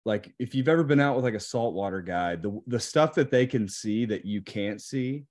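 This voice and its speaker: A young man from Indiana, a podcast guest, talking in a relaxed, rambling way with many fillers. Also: medium pitch, normal speed. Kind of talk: casual chat.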